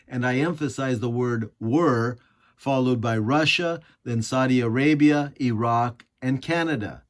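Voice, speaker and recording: A man's voice: medium pitch, a little slow. A man from the United States reading scripted political commentary, sarcastic and indignant, full of rhetorical questions. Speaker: commentary host.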